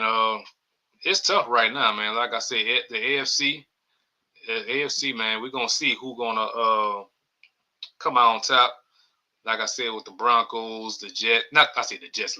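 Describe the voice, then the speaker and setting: New man, podcast host, loose rambling chat, very bright tone. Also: lowish voice, rough recording. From New Orleans area. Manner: loose, rambling, reads chat comments aloud. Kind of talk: casual live-stream sports chat.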